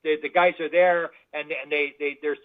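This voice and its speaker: A man telling stories as a guest in an interview, animated and full of restarts. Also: a little high, moderate pace. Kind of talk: anecdotal interview storytelling. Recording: tinny phone-like line.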